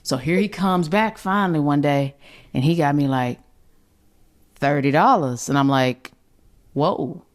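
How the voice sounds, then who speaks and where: A woman co-hosting a podcast, telling a childhood story in casual chat, animated and laughing, acting out family voices. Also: sits low, normal speed. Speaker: podcast co-host.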